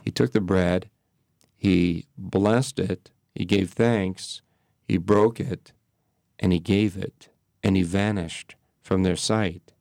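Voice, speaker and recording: A man speaking as a priest, reflecting on prayer in slow, measured phrases with pauses. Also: low-pitched, steady tone, gravelly, darkish tone, no echo, clean studio sound. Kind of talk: reflective spiritual talk.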